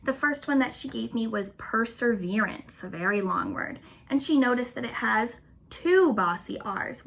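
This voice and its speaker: A woman teaching a remote phonics lesson to young schoolchildren, cheerful and patient, slowly stretching words out for the class. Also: fairly high pitch, animated, creaky, a bit bright.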